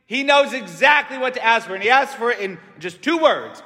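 Very high-pitched and animated, a preacher speaks fairly quickly with few pauses in a bright, forceful tone. His homily is conversational, dotted with frequent "right?" checks to the congregation, and the church gives it long reverb.

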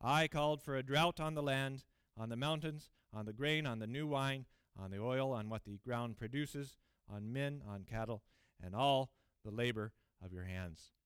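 A man's voice: mid-range voice, moderate pace, hardly any pauses, a bit bright, clean tone, no echo, clean studio sound. A man preaching a sermon in church, reading scripture aloud and explaining it in an earnest, emphatic way with frequent fillers and restarts.

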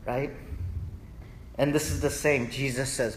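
A male pastor preaching a lively, conversational sermon that keeps checking in with the congregation. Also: medium pitch, moderate pace, pauses often. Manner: animated, conversational, often asks "right?". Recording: echoey hall, faint noise.

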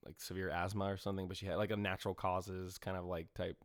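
A man's voice: low voice, fast talker, dry recording, clean studio sound. Rambling, swearing male podcast host. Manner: rambling, animated storytelling with frequent fillers and swearing. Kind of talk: casual movie review chat.

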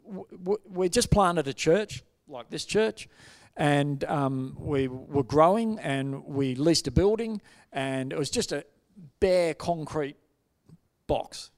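A middle-aged man, preaching a sermon and telling stories with lively, acted-out quotes. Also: a little high, slow pace. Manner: animated storytelling, acts out quoted voices. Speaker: pastor.

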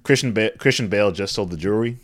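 A man casually summarizing a movie's plot for a co-host with quick, dry asides. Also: lowish voice. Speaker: podcast co-host. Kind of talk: casual movie recap chat.

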